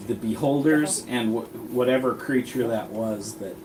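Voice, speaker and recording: A man running a tabletop game as game master, narrating in a plain, halting way with fillers. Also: mid-range voice, a crowd in the background. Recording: distant mic with background noise.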